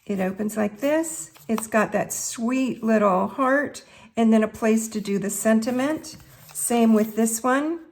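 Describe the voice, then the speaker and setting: Hosting a chatty craft tutorial, a woman with a Southern US accent speaks straight to her viewers in a folksy manner. Her voice is on the high side and she talks a little slowly.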